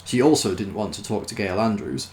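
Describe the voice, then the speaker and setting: A man reading a novel aloud in an unhurried, dry manner, with small self-corrections. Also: lowish voice, a little mellow, slight background noise. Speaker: storyteller.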